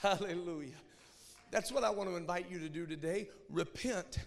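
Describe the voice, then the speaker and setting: A man's voice: sits high, normal speed. Impassioned male preacher in echoing hall. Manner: swings from hushed to shouting, emphatic repetition. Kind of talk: sermon.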